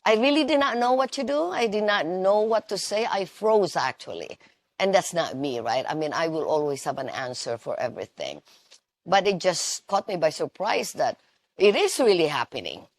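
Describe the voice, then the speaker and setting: Low raspy-ish woman sharing a story, goes up and down a lot. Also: big pitch swings, moderate pace. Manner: earnest, reflective. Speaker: speaker sharing a personal story. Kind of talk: personal testimony.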